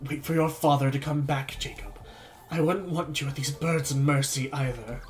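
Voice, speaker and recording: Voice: medium pitch, fairly even intonation, normal speed, natural voice. A streamer voicing a stern, protective old grandmother in a horror game, firm and scolding.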